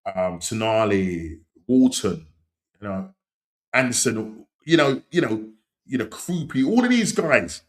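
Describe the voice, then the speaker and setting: A middle-aged man hosting a casual live-stream chat, rambling and leaning on "you know what I mean", with sudden excited outbursts. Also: on the low side, measured pace. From England. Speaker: podcast host.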